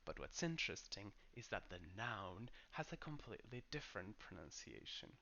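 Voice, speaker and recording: A man teaching English pronunciation, slowly modeling each word and its stress. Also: fairly low pitch, sing-song, gravelly, sharp tone, dull audio. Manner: slow, careful modeling of words. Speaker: pronunciation coach. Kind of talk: pronunciation lesson.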